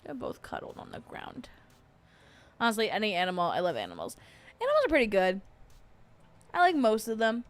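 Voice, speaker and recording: A woman's voice: medium pitch, wildly swooping pitch, a little fast, long pauses. A young adult woman hosting a casual livestream, rambling with lots of fillers and frequent giggles. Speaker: host.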